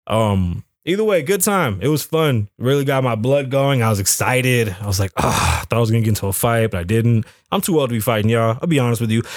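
A man's voice: medium pitch, dry recording, clean studio sound. A middle-aged man hosting a podcast, telling a story in a brash, profane, boastful way and slipping into voices of the people in it. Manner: profane, boastful, mimics others mid-story. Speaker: podcast host. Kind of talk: animated storytelling rant.

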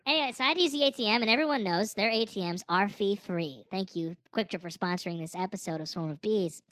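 A woman's voice: medium pitch, quick pace, no echo. Rambling, jokey woman telling a story. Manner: rambling, animated, jokey, self-interrupting. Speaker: podcast co-host. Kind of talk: casual comedic storytelling.

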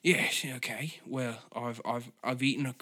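A man's voice: mid-range voice, fairly even intonation, unhurried, bright, forceful tone. A man doing a half-hearted impression of a male celebrity chef, hesitant and mumbled. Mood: deadpan.

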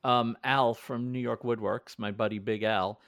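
Animated man in his forties. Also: mid-range voice, a little slow, creaky, no room sound, clean studio sound. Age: 40s. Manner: animated storyteller, acts out quotes, laughs often. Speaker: podcast co-host. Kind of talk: casual chat.

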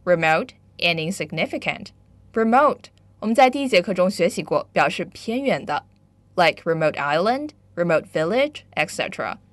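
A woman's voice: fairly low pitch, no echo. Patient woman teaching English, dry studio. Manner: clear, patient explaining, switching between Chinese and English. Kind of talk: bilingual English lesson.

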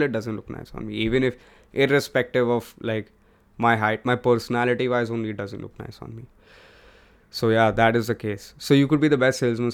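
Recording alone at home, a young Indian English-accented podcast host delivers a casual, rambling monologue full of profanity and frank talk, mixing Hindi into his English. He has a smooth, lowish voice.

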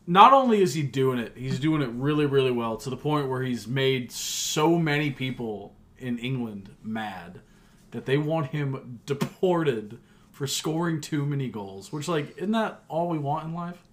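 A man's voice: mid-range voice, animated, a little slow. A man from the United States co-hosting a sports podcast in a laid-back, joking way of casual chat. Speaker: podcast co-host.

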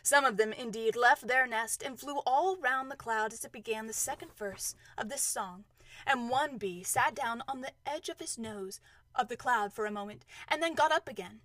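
Female storybook reader, high-pitched, calm and unhurried. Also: no room sound. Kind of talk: storybook reading.

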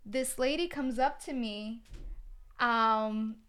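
A woman co-hosting a casual faith podcast, telling stories with lots of fillers and animated bursts. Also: fairly high pitch, slow pace, clean tone. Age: adult with a daughter. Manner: animated storyteller, many fillers. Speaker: co-host.

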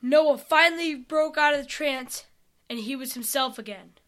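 Woman reading a fantasy story out loud, high bright voice, takes her time. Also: moderate pace.

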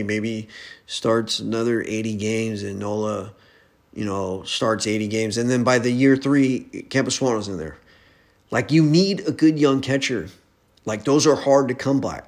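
A young man in a casual sports rant, profane and heated, arguing back at imagined critics. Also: mid-range voice. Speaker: sports podcaster.

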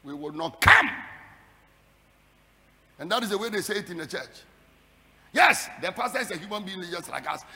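A man preaches a fiery sermon in a very high, lively voice, repeating phrases and building them into shouted, sing-song climaxes. His tone is bright and gravelly. Long reverb from a hall trails behind every line. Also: quick pace. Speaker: pastor.

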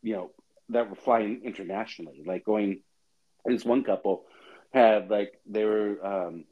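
A man co-hosting a podcast, telling stories in a chatty, dramatic, animated way. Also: on the low side, measured pace, narrow, tinny audio. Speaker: podcast co-host. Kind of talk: casual chat.

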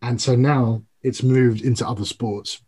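A man's voice: medium pitch, measured pace, breathy edge. A young man from the UK chatting casually about sport, telling stories and explaining at length. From United Kingdom. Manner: animated storytelling, explains at length. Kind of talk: casual chat.

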